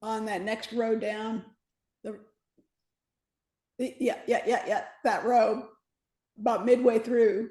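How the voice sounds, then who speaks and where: A woman at a video meeting giving quick, tentative directions to help someone find a button on the screen. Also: a little high, little pitch movement, mellow, reverberant. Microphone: video call mic.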